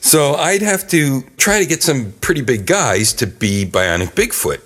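Male guest, casual storyteller, very lively pitch, laughs a lot, salty language. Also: unhurried. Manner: animated, laughing, profane storyteller with sudden yelps. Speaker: podcast guest.

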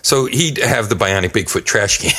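A man spinning a wild anecdote in loose conversation. His pitch leaps all over as he laughs and yelps, and he swears freely in a lively, animated way. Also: normal speed. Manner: animated, laughing, profane storyteller with sudden yelps. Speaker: podcast guest. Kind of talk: casual storytelling chat.

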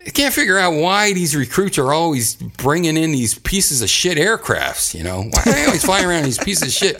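A man's voice: on the high side, big pitch swings, brisk, pushed and bright. A man hosting a casual chat, rambling and profane, often laughing as he recaps a story.

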